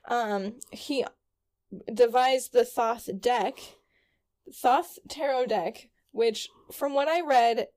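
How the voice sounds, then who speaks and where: A woman's voice: a little high, slow, a little mellow. Young woman casually reading podcast notes. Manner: reads notes aloud with fillers, stumbles over words. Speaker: podcast co-host.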